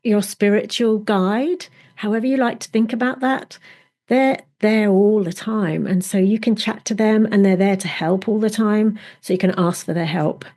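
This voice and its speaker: A woman's voice: mid-range voice, normal speed, darkish tone. A middle-aged woman coach, a podcast guest, telling stories with enthusiasm and acting out little inner voices. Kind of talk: conversational interview.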